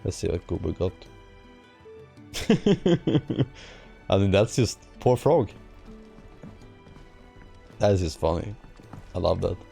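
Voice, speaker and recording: A man's voice: low-pitched, sing-song, takes it slowly, creaky, long pauses, mellow, breathy edge. A man streaming a game, chatting casually, swearing and mocking the game's dialogue. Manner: sarcastic, swearing, hums and mocks the dialogue. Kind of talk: casual let's-play commentary. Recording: game music faint behind.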